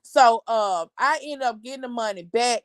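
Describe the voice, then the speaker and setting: A middle-aged woman hosting a family live show, telling a story in an animated, expressive way. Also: a little high, moderate pace, no echo. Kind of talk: casual storytelling chat.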